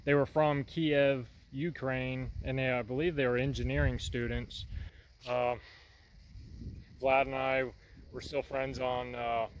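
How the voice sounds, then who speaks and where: A man's voice: medium pitch, level tone, unhurried. Laid-back dude rambling in his workshop, folksy, faint background hum. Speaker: vlogger. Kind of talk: casual workshop vlog.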